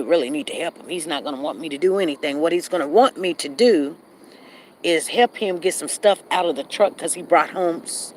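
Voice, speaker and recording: A woman hosting a casual live stream while she walks outdoors, chatting straight to her viewers and greeting them by name. She drops to a lower, quieter tone when she gets serious. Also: a little hiss or hum, poor audio. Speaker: livestream host. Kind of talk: casual rambling live chat. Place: outdoors, walking.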